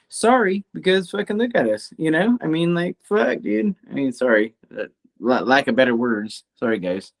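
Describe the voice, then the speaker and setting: A man's voice: on the high side, animated, moderate pace, vocal fry. Emphatic profane man. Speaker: podcast co-host. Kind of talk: casual chat.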